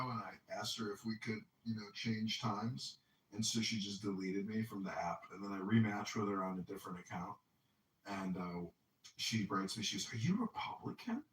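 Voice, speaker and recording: A man's voice: lowish voice, a bit bright. A man hosting a podcast, telling boastful rambling stories in crude casual banter. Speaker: podcast host. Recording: roomy distant mic with faint noise.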